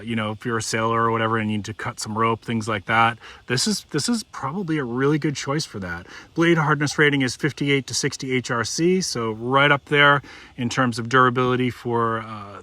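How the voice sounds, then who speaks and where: A man's voice: mid-range voice, sharp tone, no room sound. A middle-aged man casually reviewing a pocket knife, talking folksy and demonstrating as he goes. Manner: conversational, demonstrating as he talks, folksy.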